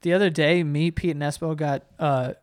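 High-voiced man joking around. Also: steady tone, normal speed, clean tone. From Italian-American family. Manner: loose, joking, swears freely. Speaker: podcast co-host. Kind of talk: casual banter.

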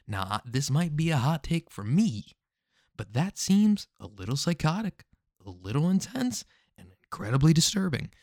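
A man talking through a story in casual commentary, animated and joking, with rhetorical questions and slangy asides. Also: on the high side, no room sound, clean studio sound. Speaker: commentary host.

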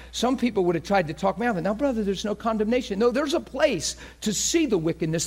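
A man preaching an impassioned sermon who swings from fervent near-shouting to hushed, earnest appeals and acts out crowd voices. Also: high-pitched, vocal fry.

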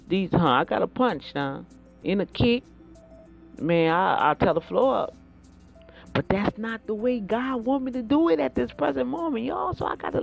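A woman giving a fervent, preacherly faith talk, repeating words and breaking into bursts of excitement. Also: on the low side. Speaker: inspirational speaker.

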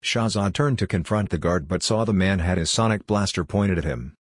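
A man narrating a science-fiction story in plain, even scripted narration. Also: sits low, a little fast, dry recording, clean studio sound.

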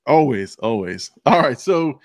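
A man hosting a casual movie podcast over beers, relaxed and swearing freely as he chats. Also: mid-range voice, a little slow, no echo, clean studio sound. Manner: laid-back, profane, drinking beer on air. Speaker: podcast host.

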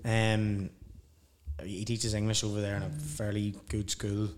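A man spins a loose, sweary travel yarn in relaxed conversation. He breaks into laughter at his own punchlines and acts out the lines of the people in his stories. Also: fairly low pitch, a little slow, a little hiss or hum. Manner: sweary, animated storyteller who laughs through his own tales. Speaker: podcast guest. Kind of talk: casual storytelling chat.

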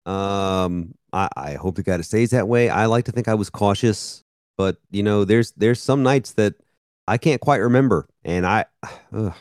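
A man's voice: lowish voice, moderate pace, a little mellow, dry recording, studio quality. A man in his thirties co-hosting a podcast, rambling and self-mocking with casual profanity. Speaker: podcast co-host. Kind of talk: casual chat.

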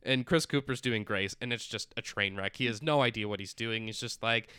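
A man with a fairly low voice that is strikingly bright and crisp recaps a movie in loose podcast chat. He rambles, leans on "like" and fillers, and slips into quick impressions of the characters. The sound is dry and close to the mic. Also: dry recording. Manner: rambling, full of "like" and fillers, acting out quotes. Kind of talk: casual chat recapping a film.

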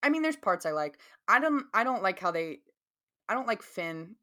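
A woman's voice: mid-range voice, big pitch swings, moderate pace, sharp tone. Chatty Southern woman, casual. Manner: rambling, chatty, laughs easily. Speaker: podcast co-host. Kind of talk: casual chat.

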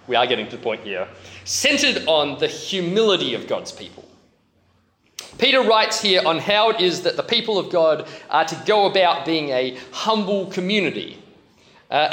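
A man's voice: a little high, a bit bright. A man preaching a sermon in a chatty, self-deprecating way, with many fillers and restarts. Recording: roomy echo.

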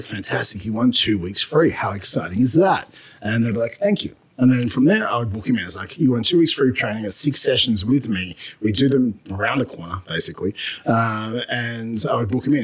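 Husky Australian man telling a story. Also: lowish voice. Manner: storytelling, animated and laughing when excited. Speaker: fitness business coach. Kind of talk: casual podcast chat.

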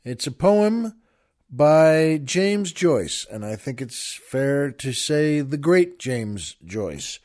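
A man's voice: on the high side, very animated, extremely slow, a little mellow. Chuckling older man telling a rambling story. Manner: rambling, self-amused, laughs through his own anecdote. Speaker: podcast host. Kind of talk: casual storytelling monologue.

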